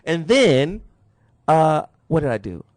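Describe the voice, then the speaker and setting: Animated, laughing male radio host. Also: fairly high pitch, slow, no echo. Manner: animated storyteller, laughs often. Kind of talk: casual radio talk.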